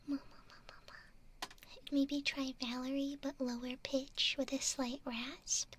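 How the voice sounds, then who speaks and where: Woman ASMR streamer, hushed whisper throughout, slow easy delivery. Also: high-pitched, level tone, slight background noise. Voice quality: soft whispering. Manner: gentle, giggly, thanks viewers by name. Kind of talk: whispered chat with stream viewers.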